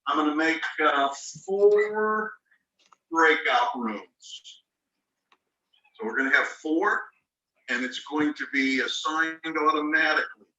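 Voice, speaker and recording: A man's voice: a little high, slow pace, bright, forceful tone, lo-fi sound. A man teaching an online class, patiently explaining spelling rules step by step and spelling words out letter by letter. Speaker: ESL teacher. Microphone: video call microphone. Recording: roomy sound, mic at a distance.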